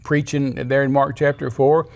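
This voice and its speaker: Gravelly older male preacher. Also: medium pitch, flat delivery, normal speed, a little mellow. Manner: folksy storyteller who acts out quotes in a raised voice. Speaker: guest preacher. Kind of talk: conversational Bible teaching.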